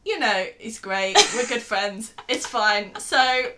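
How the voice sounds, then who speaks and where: Brief: young woman, podcast co-host, bright voice, giggles through her lines. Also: fairly high pitch, takes it slowly. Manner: giggly, breaks into laughter often. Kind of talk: casual chat.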